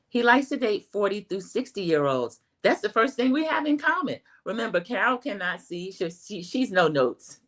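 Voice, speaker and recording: A middle-aged woman giving a chatty, animated recap of a reality show, talking straight to her viewers. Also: low-pitched. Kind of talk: casual recap commentary.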